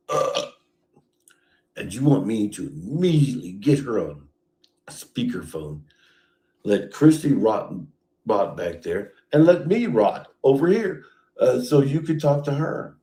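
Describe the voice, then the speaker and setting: A man's voice: mid-range voice, darkish tone. A man in an angry, bitter rant, accusing and swearing at someone he knows. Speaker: streamer.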